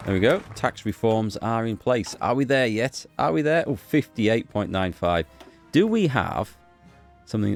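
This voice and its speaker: A deep-voiced gaming YouTuber gives casual commentary while playing a strategy game, soft music running quietly underneath. He thinks aloud as he muses, often pausing on fillers, half-finished phrases and small restarts.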